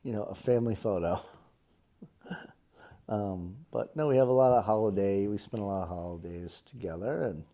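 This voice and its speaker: A fifty-year-old man with a Boston accent, reading a passage and answering interview questions with many ums and pauses. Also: fairly low pitch, warm tone. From Cape Cod, Massachusetts. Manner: hesitant, many ums and uhs.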